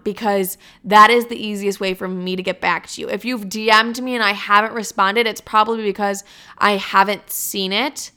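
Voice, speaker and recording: A young woman in her twenties wraps up her solo podcast in a loose, chatty ramble, swearing freely and wandering off on tangents. Her voice is bright and crisp, with a smooth, clear tone. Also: mid-range voice, normal speed. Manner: chatty, profane, rambling asides. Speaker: podcast host. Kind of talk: casual solo podcast outro.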